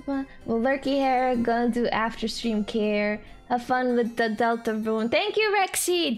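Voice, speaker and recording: A young woman streamer giving playful, casual commentary on a game and chatting with her viewers. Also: fairly high pitch. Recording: faint game music behind.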